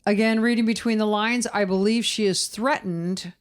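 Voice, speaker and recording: A woman's voice: medium pitch, fairly even intonation, normal speed. A woman co-hosting a true-crime podcast, casually retelling events and acting out quotes. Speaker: podcast co-host.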